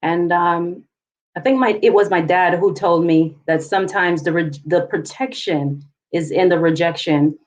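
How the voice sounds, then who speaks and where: A woman author and poet, a guest telling her own story calmly and reflectively. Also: lowish voice, rough recording. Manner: calm and reflective, measured. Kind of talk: interview, personal story.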